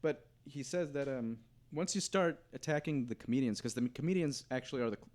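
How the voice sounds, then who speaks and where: Cast an average-pitched man guest, rambling and halting. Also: darkish tone. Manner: rambling, hesitant, many restarts. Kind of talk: casual chat.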